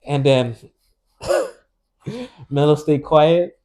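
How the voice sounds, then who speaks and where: A man's voice: on the high side, expressive, very slow, pauses often, dark tone. A man chatting on a podcast in a laid-back way, telling a story in street slang and laughing between lines. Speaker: podcast co-host. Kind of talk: casual storytelling chat.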